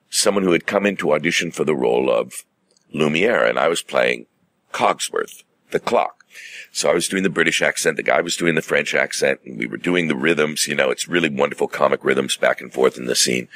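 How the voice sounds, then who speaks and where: A middle-aged man, a stage actor, telling stories in a relaxed, measured way as an interview guest. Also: extremely low pitch, no room sound. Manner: measured, theatrical anecdote-telling with acted-out quotes.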